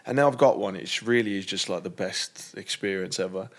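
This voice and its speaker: Young guy on a podcast, lowish voice, chatty, says like a lot. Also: a little fast. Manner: casual, chatty, peppered with "like". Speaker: podcast guest. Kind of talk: candid conversation.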